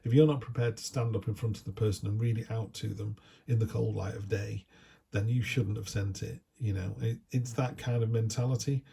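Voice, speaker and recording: Gravelly, low man reading tarot. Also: fairly even intonation, brisk, mellow. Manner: chatty, down-to-earth, acts out little quoted asides. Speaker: tarot reader.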